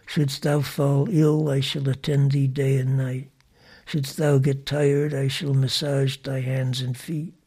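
Man voicing a simple shepherd boy in a spoken parable, husky and plain. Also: mid-range voice, level tone, takes it slowly, a little mellow. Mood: tender devotion.

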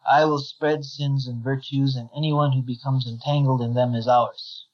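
A man voicing a proud, ruthless male god of law in a plain, measured reading on a slightly dull recording. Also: mid-range voice, steady tone, lightly acted. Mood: commanding.

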